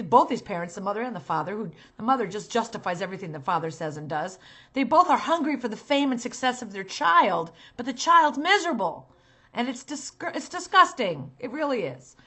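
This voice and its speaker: This is a middle-aged woman who works as a talent manager, speaking to parents with earnest emphasis. Her voice is mid-range, and now and then her guidance takes on a sharp, scolding edge.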